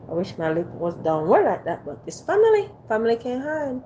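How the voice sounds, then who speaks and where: A woman's voice: a little high, wildly swooping pitch, brisk, mellow, a little hiss or hum. A woman hosting a casual livestream from a phone on a ring light, playfully teasing and coaxing her viewers to type in the chat. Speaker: livestream host.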